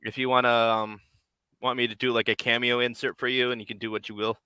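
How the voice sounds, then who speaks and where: Bright-voiced man rambling casually. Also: mid-range voice, little pitch movement, quick pace, smooth, dry recording. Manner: rambling, repeats himself, chuckles often. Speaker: puppet-building livestream host. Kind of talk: casual chat while building. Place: home workspace.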